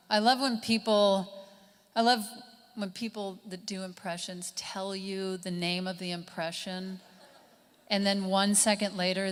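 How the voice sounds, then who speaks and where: Slow deadpan woman on a stage. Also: medium pitch, clear, resonant tone. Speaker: stand-up comedian. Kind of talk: live stand-up comedy. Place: stage at a large summit hall. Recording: live hall with long reverb and faint ambience.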